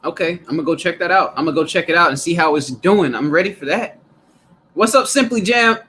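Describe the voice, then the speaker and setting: A man's voice: a little high, quick pace, pushed and bright, a little hiss or hum. A man co-hosting a casual live stream, laughing often and greeting viewers in the chat. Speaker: co-host of a live gardening stream.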